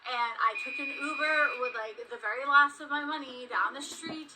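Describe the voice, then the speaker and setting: A woman telling her own story, rambling and halting, full of "um" and "you know". Her voice sits somewhat high. It comes through a played-back stream with clear noise underneath. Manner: rambling, halting, many fillers. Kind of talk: recounting personal events.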